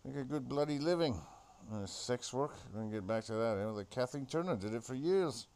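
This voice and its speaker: A man's voice: mid-range voice, lively intonation, brisk, darkish tone. A man, delivering a rambling, sweary, sardonic comic monologue as host.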